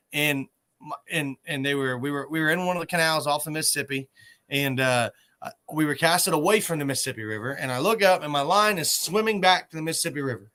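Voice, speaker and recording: A man hosting a casual chat, telling a fishing story in an animated way and often repeating words. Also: a little high. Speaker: host.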